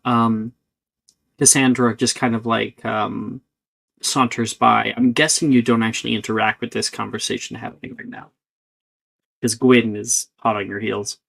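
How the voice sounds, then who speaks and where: Male game master with a gravelly voice, narrating a tabletop game in a halting, casual way. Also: mid-range voice, little pitch movement, a bit bright. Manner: hesitant, filler-heavy narration.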